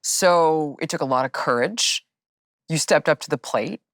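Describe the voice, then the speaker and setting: A woman's voice: low voice, a little slow, a bit bright, dry recording, clean studio sound. A middle-aged woman fitness trainer hosting a candid chat, blunt and emphatic.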